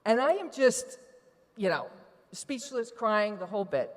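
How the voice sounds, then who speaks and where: A woman tells her own story on stage to a live audience, candid and emotional, at an everyday mid pitch. Her voice carries a long hall reverb, as in a large event venue. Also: very animated, unhurried. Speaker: retreat participant giving testimony. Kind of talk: personal testimony to a live audience.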